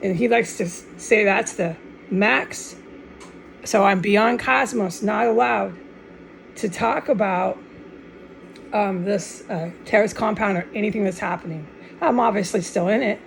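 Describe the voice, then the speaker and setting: A woman with a gravelly, creaky edge rambles through a fervent religious monologue at middling pitch. She restarts her sentences often and scatters Spanish words through her talk. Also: moderate pace, low-quality recording. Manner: fervent and insistent. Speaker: online video maker.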